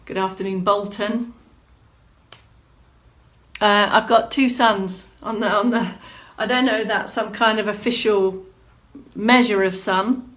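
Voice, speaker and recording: A woman's voice: medium pitch, steady tone, takes it slowly, long pauses, a bit bright. A woman exercise instructor hosting a live-streamed movement class, chatting through viewer comments and giving encouraging prompts. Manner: encouraging, gives clear prompts.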